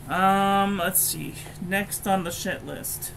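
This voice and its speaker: Slow-talking blunt woman reviewer. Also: medium pitch, vocal fry, noisy background. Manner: blunt, frank, casually profane. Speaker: stationery reviewer. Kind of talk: casual review chat.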